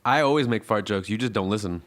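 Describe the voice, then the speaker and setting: Young male podcast co-host, lowish voice, rambling and self-mocking. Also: quick pace, a bit bright. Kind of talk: casual chat.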